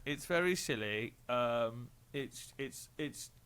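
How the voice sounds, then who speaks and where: A man's voice: medium pitch, expressive, slow, crowd noise. A man co-hosting a music podcast in casual chat, rambling and joking with lots of fillers and restarts. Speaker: podcast co-host.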